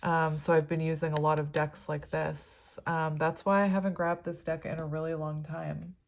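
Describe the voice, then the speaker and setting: A woman's voice: low-pitched, little pitch movement, moderate pace. A woman giving a casual tarot reading, talking in a rambling, filler-heavy way and easily moved. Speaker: tarot reader.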